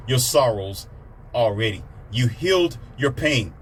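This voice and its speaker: A man's voice: mid-range voice, lively intonation, a little slow, a bit bright, a little hiss or hum. Blunt preachy man lecturing. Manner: blunt, preachy, repeats himself. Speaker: motivational speaker. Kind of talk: blunt motivational monologue.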